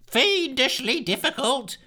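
A man's voice: wildly swooping pitch, moderate pace, pushed and bright, exaggerated voice. A man voicing a fretful male scientist who wails and moans in despair. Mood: wailing, despairing. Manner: high, wailing, exasperated.

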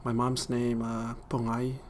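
A man from Samoa introducing himself slowly and haltingly. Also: mid-range voice, monotone, a little hiss or hum. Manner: slow, halting with pauses. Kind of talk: casual self-introduction.

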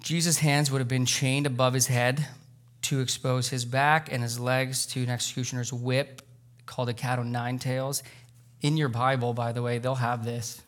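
Guy preaching in a church, casual and earnest, gets loud and intense at times. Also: medium pitch, little pitch movement, normal speed. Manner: earnest, conversational preaching with sudden loud emotional peaks. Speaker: pastor. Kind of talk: sermon. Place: church sanctuary.

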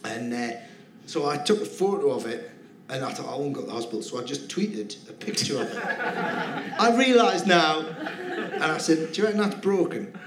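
A man's voice: fairly high pitch, lively intonation, moderate pace, noisy background. A male comedian guest telling rambling, giggly anecdotes in a live podcast interview. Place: theatre stage with live audience. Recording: roomy theatre, audience laughter.

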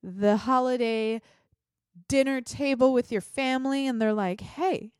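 A woman's voice: on the high side, steady tone, measured pace, darkish tone, clear, resonant tone, no room sound, studio quality. A woman hosting a solo podcast, chatty and blunt, with a voice congested from a sinus infection. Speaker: podcast host. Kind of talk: solo political podcast commentary.

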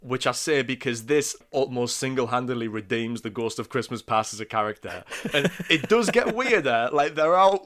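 A man co-hosting a casual film podcast, animated and quick to laugh. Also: mid-range voice. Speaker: podcast co-host.

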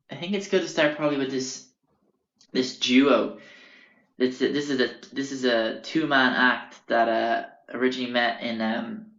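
In a roomy, muffled lo-fi recording, a young Irish man with a medium-pitched, fairly bright voice hosts a podcast. He tells stories casually, wandering off track, cursing, stuffing in fillers, and correcting himself often.

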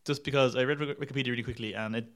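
A man's voice: medium pitch, steady tone, racing, fairly bright tone. A man reviewing films in casual chat, rambling and wry, laughing at his own jokes and swearing now and then. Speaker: podcast film reviewer.

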